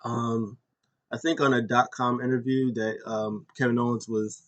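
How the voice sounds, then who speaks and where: A man's voice: medium pitch, level tone, moderate pace, highs cut off. A man hosting a casual video recap of a wrestling show, rambling with lots of ums and uhs and correcting himself as he goes. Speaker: YouTube host.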